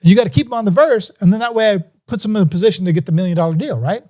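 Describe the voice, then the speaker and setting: A man's voice: high-pitched, rapid-fire, warm tone. A middle-aged man and music producer telling a story in an interview, acting out phone calls in different voices.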